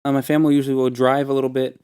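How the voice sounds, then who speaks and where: A young man co-hosting a casual podcast chat, making dry, deadpan jokes. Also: mid-range voice, very fast, background noise. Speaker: podcast co-host.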